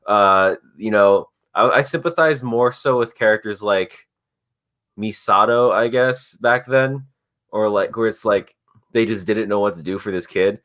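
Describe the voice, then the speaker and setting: Podcast host, male, casual chat, acts out lines as he talks. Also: on the low side. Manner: animated storytelling with quick voiced asides.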